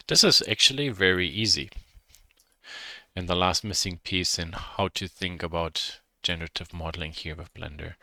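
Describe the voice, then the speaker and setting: A man with a German accent teaching a software modeling lesson, thinking aloud and correcting himself as he works. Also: low voice, no echo, clean studio sound. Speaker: instructor.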